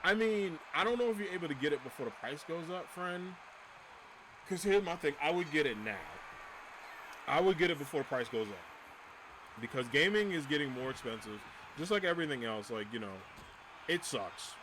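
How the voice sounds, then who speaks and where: A man's voice: on the high side, expressive, moderate pace, background noise. A man chatting casually on a livestream, ranting animatedly, swearing and laughing often.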